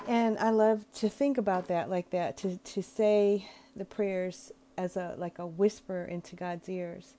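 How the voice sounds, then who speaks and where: A woman speaking in a low, mellow voice, giving an informal talk on prayer. She is gentle and reflective, and she often pauses to search for the right words as she explains. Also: fairly even intonation, slight background noise.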